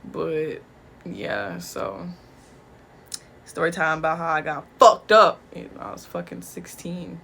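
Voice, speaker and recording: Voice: mid-range voice, expressive, takes it slowly, gravelly, a bit bright. A young adult telling a casual storytime vlog into a phone, slangy and profane, acting out quoted lines.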